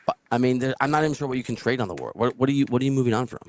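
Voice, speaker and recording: A man hosting a casual podcast who tells stories in a lively way, laughs often and acts out the people he quotes. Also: mid-range voice, very fast, noisy background. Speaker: podcast host. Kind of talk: casual storytelling chat.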